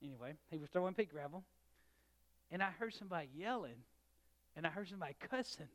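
A middle-aged man preaching a sermon, telling a story and swinging between loud and soft. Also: on the high side, animated, quick pace. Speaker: pastor.

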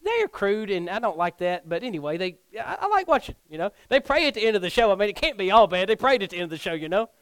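A middle-aged man preaches a sermon as a youth pastor. His voice sits high, and he swings from hushed, nearly whispered lines to loud, near-shouted ones. The sound is dry and close, with no room echo. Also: big pitch swings, fast, hardly any pauses, smooth.

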